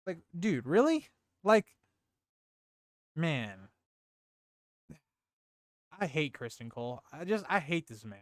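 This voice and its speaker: Animated young man reviewing on stream. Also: fairly high pitch, slow, pauses often, dry recording, studio quality. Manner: animated and exclamatory, heavy on "like" and "dude". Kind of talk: casual live-stream review chat.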